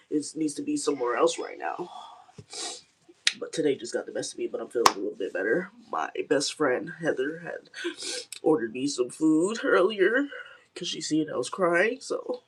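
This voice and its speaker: Young woman host, husky and gravelly, casual live chat, candid and rambling. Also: low voice. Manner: candid, rambling, many fillers. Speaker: livestream host.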